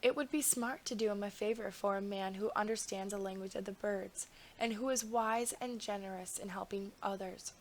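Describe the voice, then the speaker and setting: Kind young princess, earnest and gentle, read by a woman. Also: medium pitch, steady tone, normal speed, slight background noise, close to an everyday voice. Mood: pleading.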